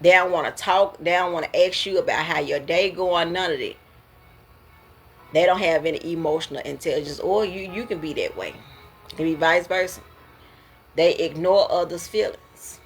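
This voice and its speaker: A woman hosting a casual talk about emotions, preachy and quick to laugh. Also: on the low side. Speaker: host.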